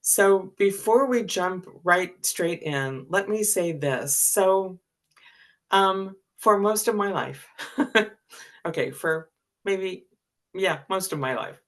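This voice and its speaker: A woman's voice: fairly low pitch, expressive, takes it slowly. A woman in her seventies, a spiritual teacher, telling a personal story in a candid, chatty way and laughing easily. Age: 70s.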